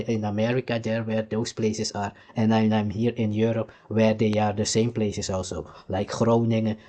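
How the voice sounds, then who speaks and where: A man from Suriname with a Surinamese accent gives heated reaction commentary in a fairly low voice. He lectures, repeats himself and keeps pressing the listener to understand. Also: a little mellow. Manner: heated, lecturing, repeats "you see" and "nigga". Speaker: commentator reacting to archive clips.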